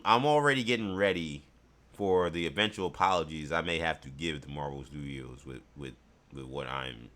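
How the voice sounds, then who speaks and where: A man co-hosts a podcast, speaking in a very deep voice with a bright, forceful edge. He banters in an emphatic, slangy way. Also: gravelly. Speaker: podcast co-host. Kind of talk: casual chat.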